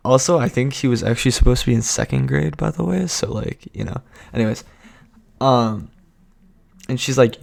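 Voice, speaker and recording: A man's voice: mid-range voice, moderate pace, gravelly, long pauses, a little mellow. A young man vlogging a casual storytime, rambling and cutting himself off, laughing often.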